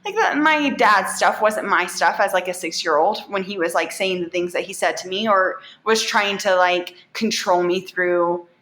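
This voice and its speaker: A woman in her thirties, a yoga instructor, talking candidly and warmly as a podcast guest, with lots of "like". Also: lowish voice, normal speed, hardly any pauses, echoey room. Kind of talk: casual podcast interview.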